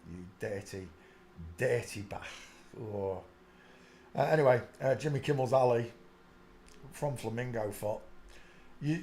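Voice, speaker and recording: A man with a medium-pitched, dark voice runs a live stream where he mocks the photos in front of him. It's comedic commentary, punctuated by frequent bursts of giggling.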